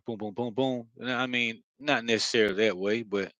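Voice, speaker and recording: A man giving a rambling, earnest spiritual monologue, halting with many fillers and heavy sighs, blunt and sometimes swearing. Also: mid-range voice, steady tone, a bit bright, no room sound, dull audio. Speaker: spiritual vlogger.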